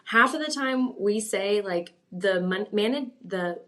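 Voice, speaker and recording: A woman's voice: medium pitch, lively intonation, a little slow, a bit bright. A woman financial planner, a guest on a podcast, explaining and advising with many fillers. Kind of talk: casual interview conversation.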